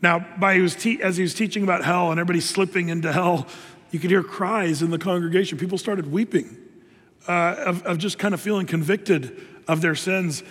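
A man's voice: high-pitched, steady tone, a little fast, a bit bright. A man preaching a sermon in a loose, conversational way, full of fillers and restarts. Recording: long hall reverb.

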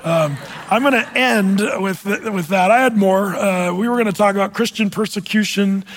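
A man's voice: sits high, moderate pace. A man preaching a sermon as a pastor, speaking conversationally with fillers and closing in prayer. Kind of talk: sermon with prophecy update.

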